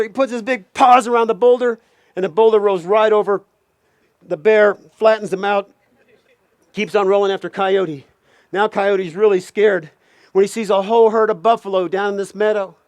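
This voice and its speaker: A man telling a folk tale aloud, animated, with playful asides. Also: sits high, a little fast, no echo. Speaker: storyteller.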